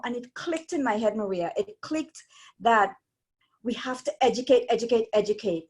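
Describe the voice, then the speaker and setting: A woman, a stroke survivor telling her story as an interview guest in a rambling, animated way with many restarts. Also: fairly high pitch, normal speed, slightly rough. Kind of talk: casual interview chat.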